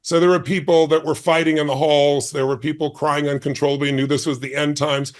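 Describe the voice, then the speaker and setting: A man's voice: a little high, level tone, a little fast. A man in his sixties, a guest on an interview show, telling a story with intense emphasis and acting out the dialogue. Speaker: guest speaker.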